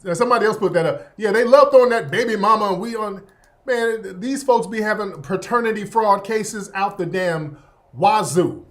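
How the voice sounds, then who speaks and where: A man's voice: sits high, normal speed, a bit bright. A man hosting an online talk show, commenting on video clips in a blunt, mocking, heated way. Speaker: host. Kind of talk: casual commentary over clips.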